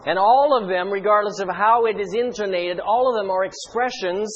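A man preaching a sermon in an animated, rhetorical way with playful asides. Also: sits high, moderate pace, highs cut off, slight background noise.

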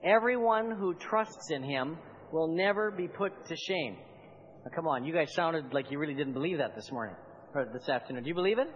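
A high-pitched man preaching with rising fervor, pressing his points through insistent repetition. He calls on the congregation to answer him back. The recording is a little muffled, with faint hiss behind him. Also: lively intonation, a little fast. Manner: building to fervent, emphatic repetition. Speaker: pastor. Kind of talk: sermon.

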